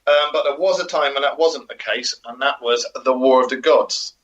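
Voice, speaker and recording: Bright-voiced man, muffled lo-fi audio. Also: medium pitch, moderate pace. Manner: hesitant, many ums, jokey asides. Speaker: co-host. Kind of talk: casual podcast chat, reading out notes.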